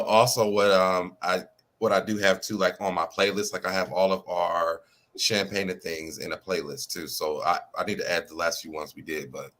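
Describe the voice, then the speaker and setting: A man's voice: low-pitched, fairly bright tone. A man co-hosting a casual gossip chat over a video call, rambling and laughing often, talking straight to viewers. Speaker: co-host of gossip show.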